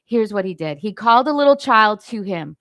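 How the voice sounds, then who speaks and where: A woman's voice: mid-range voice, lively intonation, brisk, fairly bright tone, dry recording, clean studio sound. An older woman giving an informal devotional teaching, conversational and often checking in with her listeners. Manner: conversational, self-correcting, asks "right?" often. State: briefly choked up. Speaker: Christian leadership teacher.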